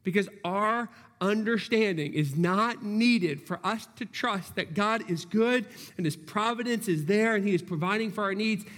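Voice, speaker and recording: A man's voice: sits high, normal speed, few pauses, a bit bright. A man preaching a sermon as pastor, earnest and reasoning aloud with frequent restarts. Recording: long hall reverb.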